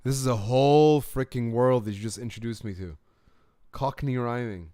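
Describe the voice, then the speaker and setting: A young man hosting a live reaction stream from home, chatting casually and excitedly about viewers' comments. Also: mid-range voice, moderate pace, dry recording, studio quality. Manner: excitable, chatty, laughs easily. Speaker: reaction channel host.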